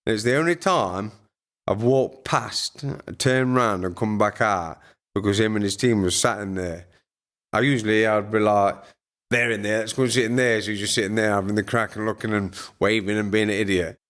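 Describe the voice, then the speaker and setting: A man's voice: on the low side, normal speed, a bit bright. A former boxer chatting as a podcast guest, telling crude, funny stories and laughing as he goes. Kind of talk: casual storytelling chat.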